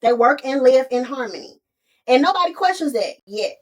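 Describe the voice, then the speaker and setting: A woman hosting a podcast, retelling a movie in a casual, animated way with playful asides. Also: high-pitched, moderate pace, recorded from a distance. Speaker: podcast host.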